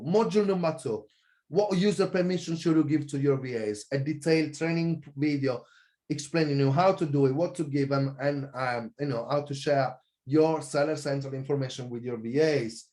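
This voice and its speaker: Pitching his course with real energy and passion, this male online business coach often goes back to correct himself.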